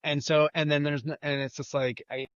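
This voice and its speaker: A man's voice: on the high side, little pitch movement, fairly quick, a bit bright, no echo, lo-fi sound. A man chatting as a podcast guest, rambling and leaning on repeated filler phrases. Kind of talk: casual chat.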